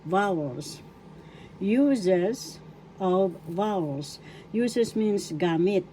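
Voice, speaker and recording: Slow, mellow Filipino woman teaching. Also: mid-range voice, animated, slight background noise, rough recording. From Philippines. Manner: repeats words syllable by syllable. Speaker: Tagalog teacher. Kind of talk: slow, deliberate language lesson. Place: home kitchen.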